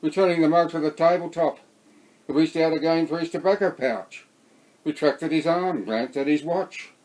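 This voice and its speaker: A man with an Australian accent reading his own novel aloud in a steady storytelling voice. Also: fairly high pitch, moderate pace, rough recording. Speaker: narrator.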